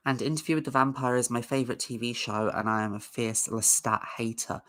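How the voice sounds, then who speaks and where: A woman's voice: extremely low pitch, steady tone, a little fast, fairly bright tone. A woman hosting a casual livestream, chatting in a rambling way and greeting viewers in the chat. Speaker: livestream host.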